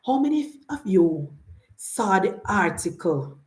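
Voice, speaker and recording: A woman's voice: mid-range voice, big pitch swings, takes it slowly, darkish tone, roomy sound. A Jamaican woman giving opinionated political commentary, indignant, firing off rhetorical questions and slipping into Patois.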